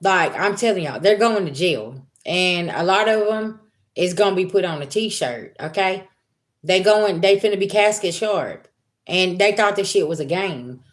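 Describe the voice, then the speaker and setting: A woman's voice: on the low side, expressive, unhurried, slight background noise. A woman giving a blunt, profane spiritual reading to her viewers in casual talk. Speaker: spiritual reader.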